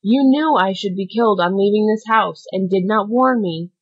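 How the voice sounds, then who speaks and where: A woman's voice: medium pitch, moderate pace, husky, dull audio, natural voice. A woman voicing a desperate dying male ex-convict, pleading in anguished outbursts.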